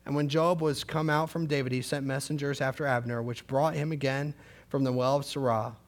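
A man preaching a sermon, reading scripture and retelling it in a casual, conversational way, with loud emphatic peaks and quiet low stretches. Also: fairly even intonation, fairly quick. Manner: conversational paraphrase of scripture with fillers.

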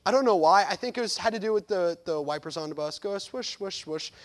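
A man in his thirties preaching a sermon as a pastor, earnest, swinging between loud emphasis and soft reflection. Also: sits high, expressive, quick pace.

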